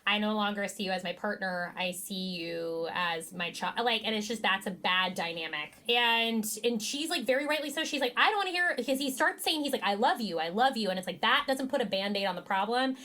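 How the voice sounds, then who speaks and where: A woman's voice: medium pitch, a little fast, hardly any pauses. A young woman co-hosting a podcast, chatting casually and telling stories animatedly, acting out what people said. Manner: animated storytelling, quoting people with voices, swears. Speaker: podcast co-host. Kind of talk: casual recap chat.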